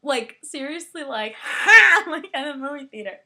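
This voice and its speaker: Young woman, bright voice, giggly, rambling, casual video review, lots of "like". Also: high voice, moderate pace. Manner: giggly, chatty, heavy use of "like". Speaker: book and movie reviewer.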